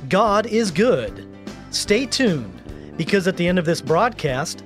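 Measured male radio announcer. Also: sits high. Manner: slow, measured and even. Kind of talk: scripted broadcast introduction.

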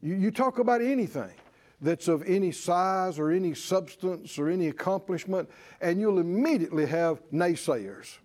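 Male pastor preaching, high voice, super animated, keeps asking the crowd questions and laughing. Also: moderate pace. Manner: animated, call-and-response with the congregation; acts out quoted voices and laughs often. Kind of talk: sermon.

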